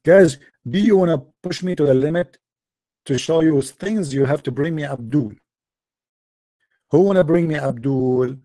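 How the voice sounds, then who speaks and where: Man, taunting debate host, dark mellow tone, dry close sound. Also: a little high, moderate pace, dry recording. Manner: mocking, taunting, repetitive rhetorical questions. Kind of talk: confrontational live-stream debate.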